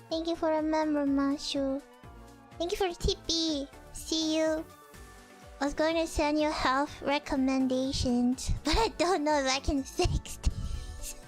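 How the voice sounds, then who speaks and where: A young woman streamer telling a story in casual chat, excitable, exclaiming, and mocking herself. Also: high-pitched. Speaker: virtual streamer.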